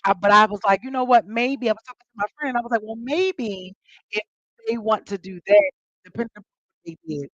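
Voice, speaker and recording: A woman's voice: mid-range voice, brisk, dry recording, highs cut off. A woman hosting a casual chat with her audience, telling stories animatedly and acting out quoted lines with big jumps in her voice. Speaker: host.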